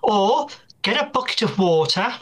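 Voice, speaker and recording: A guest expert calmly explaining a simple method on air. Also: medium pitch, moderate pace, slightly rough. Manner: calm and instructive.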